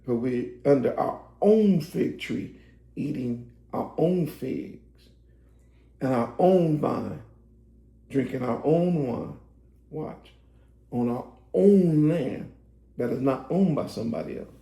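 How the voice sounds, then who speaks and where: A man preaching a sermon to online viewers, his voice going hoarse, building to emphatic, shouted preaching. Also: mid-range voice, animated, takes it slowly, echoey room. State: voice getting hoarse.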